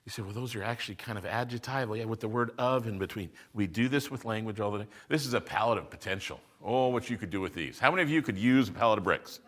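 A man's voice: fairly low pitch, fast, few pauses, a bit bright. A man preaching a sermon to a congregation, asking rhetorical questions and answering them as he teaches. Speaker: pastor. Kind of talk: expository sermon.

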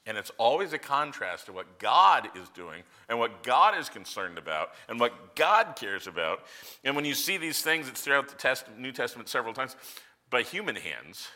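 A male pastor preaches with a bright, forceful and sharply cutting voice. His pitch leaps up and down in a lively way as he swings from casual asides to loud emphatic lines. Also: normal speed. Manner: animated, conversational preaching with sudden loud emphasis. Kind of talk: sermon.

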